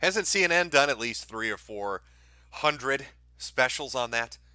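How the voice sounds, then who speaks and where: Sarcastic man with a bright, dry voice. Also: medium pitch, animated, a little slow, clear, resonant tone, no room sound. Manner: mocking, sarcastic, profane. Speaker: commentary show host. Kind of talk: sarcastic video commentary.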